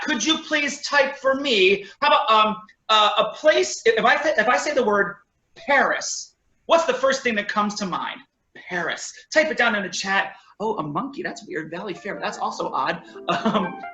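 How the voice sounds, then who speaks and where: Referee host for a web-call improv match, bright clear man's voice, upbeat. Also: sits high, lively intonation, normal speed, rough recording. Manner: upbeat, chatty, reads the chat aloud. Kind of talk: refereeing a virtual improv game. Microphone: video call.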